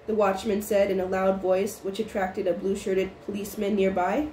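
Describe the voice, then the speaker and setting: A woman narrating a storybook chapter in an even, unhurried reading voice with small restarts. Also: medium pitch. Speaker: audiobook reader. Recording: roomy with faint noise.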